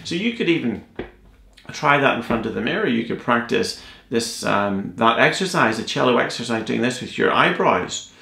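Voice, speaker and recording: A man's voice: medium pitch, expressive, normal speed, vocal fry, pushed and bright, echoey room. A man teaching a cello piece in a playful, joking, encouraging way. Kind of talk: music tutorial.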